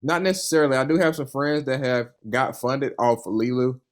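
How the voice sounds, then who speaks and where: A man's voice: mid-range voice, brisk. A young man, a funded trader, talking casually and earnestly in an interview, with a loose storytelling manner full of "you know" and "man". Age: young adult. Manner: earnest and enthusiastic.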